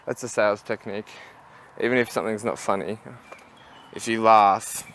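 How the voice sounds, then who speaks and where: A man's voice: fairly low pitch, fairly even intonation, normal speed, fairly bright tone, slight background noise. A young man chatting casually while walking outdoors, rambling and laughing at his own stories. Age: young adult. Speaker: vlogger. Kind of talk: casual walk-and-talk vlog.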